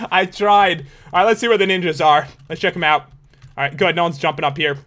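Excitable young man narrating his gameplay. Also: a little high, brisk. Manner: excitable, jokey, panics out loud. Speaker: gaming video host. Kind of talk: live gameplay commentary.

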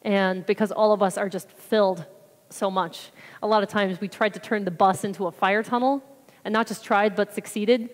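A woman with a mid-range voice and fairly even intonation speaks at a moderate pace during a casual church testimony. Her mission trip report is chatty and wandering, full of acted-out quotes, and it echoes through the reverberant sanctuary.

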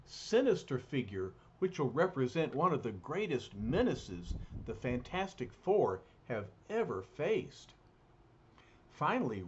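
A man retelling a cartoon episode aloud in a dramatic manner with loose asides, in a muffled lo-fi recording. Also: medium pitch. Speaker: storyteller. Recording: muffled lo-fi recording, faint hiss.

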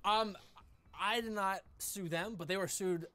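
A young man from New Hampshire, a guest in a casual interview, telling his story quickly with lots of "like". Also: high voice, steady tone, pushed and bright, a little hiss or hum. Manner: fast, filler-heavy storytelling.

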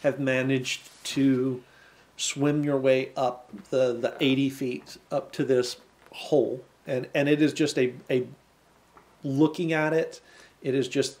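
Slow, halting game master man. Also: mid-range voice. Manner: slow, halting narration with many fillers. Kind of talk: narrating a tabletop game.

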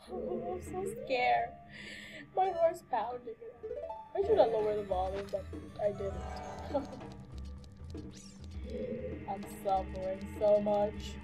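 A woman's voice: mid-range voice, slow pace, long pauses, over music. A young woman giving nervous, jumpy commentary while playing a video game, gasping and exclaiming as she goes. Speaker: let's play gamer. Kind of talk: frightened gameplay commentary.

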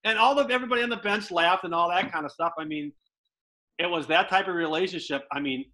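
A middle-aged man telling lively stories as a guest, a former baseball player. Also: high-pitched, quick pace, low-quality recording. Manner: animated, lively storyteller. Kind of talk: storytelling anecdotes.

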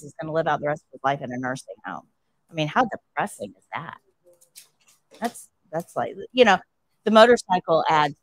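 A woman's voice: sits low, dry recording, rough recording. A woman nursing instructor telling a story to her class during a livestream, asking rhetorical questions as she goes.

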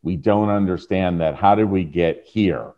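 A man with a Southern American accent, a podcast guest speaking over a video call, explaining things in a folksy, relaxed way. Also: deep voice, unhurried, dull audio.

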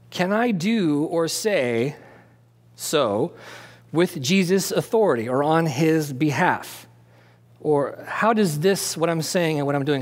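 Animated man preaching in an echoing hall. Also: on the high side. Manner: conversational and animated, asking and answering his own questions; jokey asides. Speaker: pastor. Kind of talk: expository sermon. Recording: long hall reverb.

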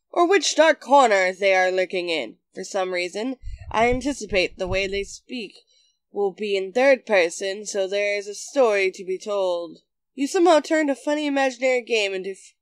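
A narrator reading online comments aloud in a deadpan way with sudden bursts. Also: medium pitch, smooth, dry recording. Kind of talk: scripted narration.

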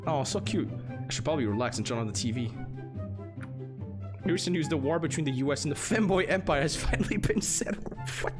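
A man streaming games, giving jokey casual commentary and reading game text aloud in an animated way. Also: medium pitch, fast, over music.

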